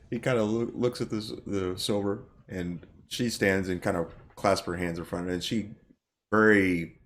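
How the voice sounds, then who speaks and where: A man narrating as game master in a tabletop game, with a loose, hedging style full of "kinda". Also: low voice.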